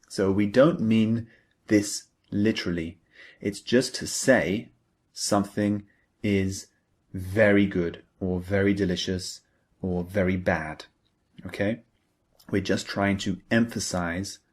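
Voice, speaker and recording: Male English tutor, lesson narration; unhurried, lowish pitch, patient step-by-step explanations. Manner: slow, patient, explains each example step by step. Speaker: English teacher.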